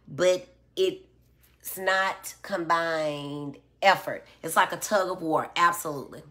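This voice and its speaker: A middle-aged woman on a live stream takes it slowly, her voice on the low side, pushed and bright. Recording on a phone or tablet, she reads viewer comments aloud and patiently explains with everyday examples.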